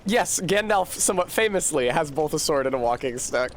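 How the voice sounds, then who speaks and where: A man's voice: a little high, animated, moderate pace, hardly any pauses, a bit bright, slight background noise. A man streaming a game, chatting casually in a profane, rambling way and laughing often. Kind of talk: casual gameplay chat.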